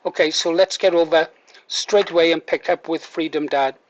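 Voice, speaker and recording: A man hosting a channel, introducing the next clip in a measured, slightly halting way. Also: fairly high pitch, fairly even intonation, lo-fi sound. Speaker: channel host. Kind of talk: video introduction.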